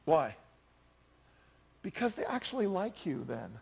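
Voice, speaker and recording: A man's voice: sits high, big pitch swings, measured pace, creaky, background noise. A man in his fifties preaching a sermon in a chatty, self-deprecating way, telling stories with animation. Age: 50s.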